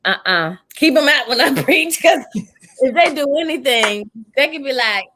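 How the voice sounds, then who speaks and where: Animated woman preacher chatting. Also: high voice, normal speed, noisy background. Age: young adult. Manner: animated, emotional, church-inflected storytelling. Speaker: preacher and podcast host. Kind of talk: casual chat.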